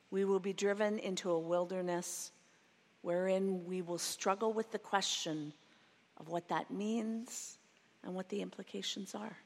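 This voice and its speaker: A woman gives a sermon at an unhurried, measured pace, reflective and careful with her words. Her voice rings with the long reverb of a large church sanctuary. Her pitch sits in the middle range. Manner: slow, reflective, reads a quoted passage twice. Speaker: preacher.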